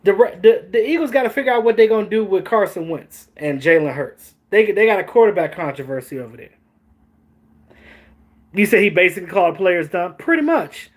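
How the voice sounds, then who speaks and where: A man hosting a casual sports talk stream, animated, joking and swearing as he reacts to chat. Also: high voice, a little fast. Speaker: host.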